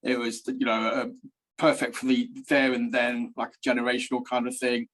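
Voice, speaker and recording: A man hosts a casual podcast interview, chiming in with agreeable, reflective remarks. His pitch is middling and his delivery stays level, with little rise and fall. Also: level tone, moderate pace, fairly bright tone. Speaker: podcast host.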